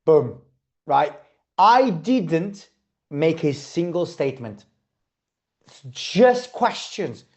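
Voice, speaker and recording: A man's voice: a little high, big pitch swings, extremely slow, long pauses. A man teaching a sales class, blunt and swearing casually, often checking in with "okay?". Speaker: sales trainer.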